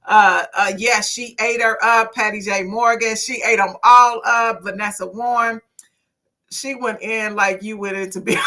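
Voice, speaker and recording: Host casting: woman, fifties, bright and a bit high, blunt and chatty. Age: 50s. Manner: outspoken, lively, preachy, swears. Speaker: livestream talk show host. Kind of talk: casual livestream talk, reading viewer comments.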